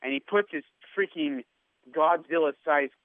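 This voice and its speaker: Animated man over a tinny phone line. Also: on the high side, measured pace, background noise. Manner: animated storyteller who acts out quotes. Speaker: radio station worker telling a story. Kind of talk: casual storytelling on a podcast.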